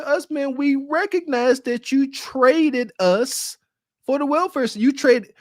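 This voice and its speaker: A man's voice: very high voice, darkish tone, dry recording, clean studio sound. A man co-hosting a podcast, giving mocking, preachy reaction commentary. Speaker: podcast co-host.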